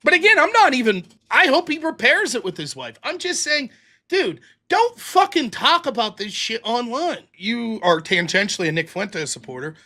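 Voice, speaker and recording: Male commentary host, profane and incredulous, wide-swinging pitch, bright edge. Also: sing-song, normal speed. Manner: exasperated, incredulous, swearing.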